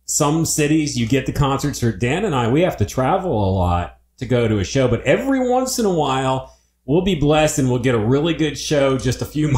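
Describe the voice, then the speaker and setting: A man's voice: medium pitch, darkish tone. A man co-hosting a podcast in casual chat, laid-back and chuckling often. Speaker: podcast co-host. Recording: roomy echo.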